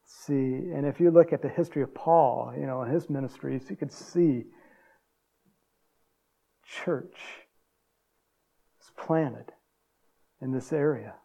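A man preaching a sermon in a folksy, chuckling way, acting out quotes in a higher voice. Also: slow, gravelly, long pauses, warm tone. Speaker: pastor.

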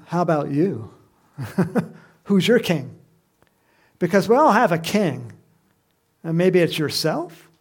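A slow, unhurried man preaching a sermon, his voice gravelly with a touch of fry. He speaks at a slightly higher pitch than most men and keeps it conversational, turning to his listeners with questions as he goes. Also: darkish tone. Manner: conversational, asks the congregation questions, laughs.

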